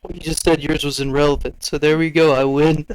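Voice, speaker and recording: A man's voice: on the high side, little pitch movement, brisk, slight background noise, low-quality recording. A young man co-hosting a casual podcast, joking around, rambling and trailing off mid-sentence. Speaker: podcast co-host.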